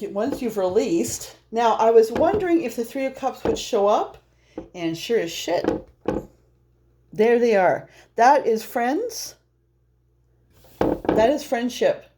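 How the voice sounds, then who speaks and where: A woman's voice: mid-range voice, mellow. A woman doing a casual, rambling tarot reading, chatty and laughing often. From Norwegian heritage. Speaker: tarot reader.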